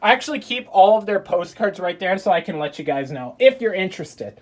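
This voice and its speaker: Woman, casual room tour, chatty, upbeat, lots of fillers, mid pitch, handheld phone, indoors at home. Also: animated, a little fast. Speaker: video creator giving a room tour. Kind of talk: casual vlog narration. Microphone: handheld phone camera.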